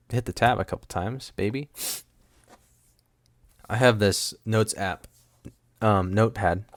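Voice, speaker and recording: A young man with a fairly low voice rambles through a solo podcast, sarcastic and prone to cutting off his own sentences. He speaks close to a studio mic with a windscreen, and the sound is dry with no room echo. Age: young adult. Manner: rambling, sarcastic, self-interrupting. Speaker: podcast host.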